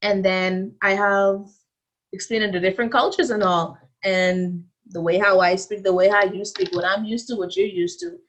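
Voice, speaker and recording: A woman from the Bahamas with a Bahamian accent, a student being interviewed, telling stories in a lively way and acting out the conversations she quotes. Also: medium pitch, normal speed. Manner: animated storytelling, acts out quoted exchanges.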